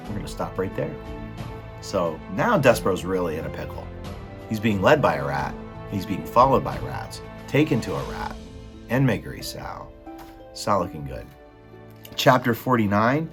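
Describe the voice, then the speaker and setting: A man reading a children's novel aloud in an expressive, dramatic way. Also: deep voice, moderate pace, pauses often, music in the background. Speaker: storybook reader.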